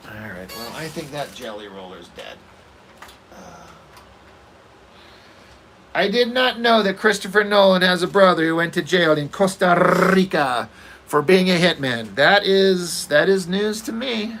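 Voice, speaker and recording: A man's voice: high-pitched, sing-song, a little slow, background noise. A man chatting casually while he draws, ranting and opinionated, swearing freely and trailing off into fillers. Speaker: artist working on a comic page. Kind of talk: casual rambling chat while drawing.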